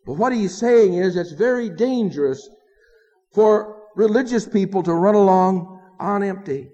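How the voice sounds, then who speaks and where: A man's voice: sits high, unhurried, warm tone. A man preaching a sermon in an earnest, emphatic way, asking his listeners rhetorical questions. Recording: dull lo-fi sound with long hall reverb.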